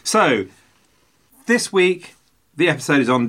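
A man's voice: medium pitch, sing-song, brisk, fairly bright tone. A man co-hosting a podcast, chatting casually and rambling through jokey, self-mocking anecdotes. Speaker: podcast co-host.

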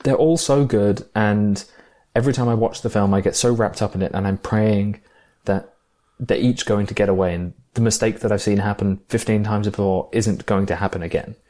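A man with a fairly low voice chats about films with a friend, enthusiastic and a little rambling. He often stops to rethink a sentence, with plenty of "um" and "like", and keeps the tone easygoing. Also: fairly even intonation, moderate pace, warm tone. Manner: enthusiastic, thinks aloud with fillers and restarts. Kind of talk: casual film discussion.

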